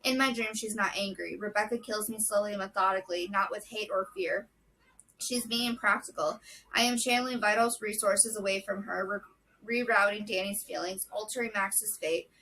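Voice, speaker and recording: A woman reading a novel chapter aloud in a steady, measured way, with brief casual asides. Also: medium pitch, distant mic, a little hiss or hum, rough recording. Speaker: book vlogger.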